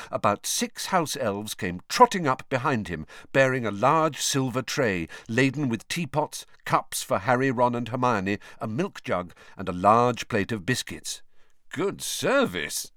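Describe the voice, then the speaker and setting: Man, audiobook narrator, expressive storytelling, lively pitch, dry close recording. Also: unhurried, hardly any pauses, dry recording. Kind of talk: scripted narration.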